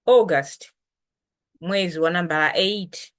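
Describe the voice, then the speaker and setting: A woman teaching words of her language patiently, repeating each term slowly. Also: lowish voice. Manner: patient, explains slowly with repetition. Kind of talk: language lesson.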